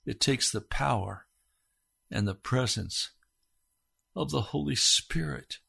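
A man in middle age delivers a sermon as a pastor, his voice sitting at an ordinary male pitch. He moves from low, quiet phrases up to loud, urgent questions aimed straight at his listeners. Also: takes it slowly, vocal fry, husky. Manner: preaching with big swings from hushed to loud, urgent questions.

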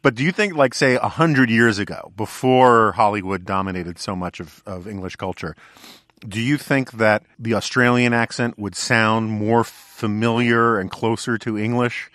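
Casual podcast host, dry close sound. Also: male voice, lowish voice, normal speed, fairly bright tone, no room sound. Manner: casual, conversational, filler-heavy questions. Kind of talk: podcast conversation.

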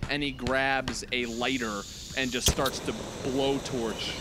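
A man's voice: medium pitch, little pitch movement, heavy background noise. Male player narrating with suspense. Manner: dramatic storytelling with slow suspenseful build. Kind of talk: vivid in-character narration at a tabletop game.

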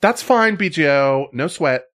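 A man putting on the voice of a dramatic sixteen-year-old valley girl, high and gasping. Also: lively intonation, a little slow, fairly bright tone. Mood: mock outrage.

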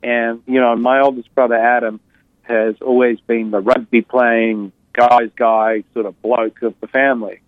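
A man tells his story as an interview guest, candid and reflective, often pausing and restarting. His voice sits at an ordinary middle pitch. The sound is narrow and tinny, like a phone line, with no room echo. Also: level tone. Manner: reflective, with frequent fillers and restarts.

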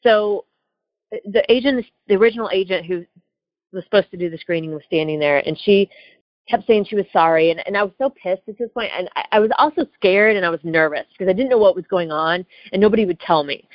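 A woman's voice: medium pitch, fast talker, no echo. A woman telling a personal story in a casual, heated way, often asking "right?" and tossing in "like". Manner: chatty, heated, lots of "like" and "right?". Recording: dull lo-fi dry recording.

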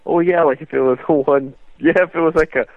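A man's voice: fairly high pitch, steady tone, fairly quick, no echo, phone-quality sound. A man co-hosting a casual comedic podcast chat, joking around and acting out imagined scenes. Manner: joking, acts out quoted voices, laughs often. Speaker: podcast co-host.

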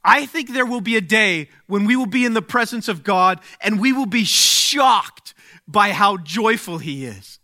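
Slow, bright-voiced male preacher. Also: sits high, animated. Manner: slow, deliberate, swings from hushed to exclaiming. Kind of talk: sermon.

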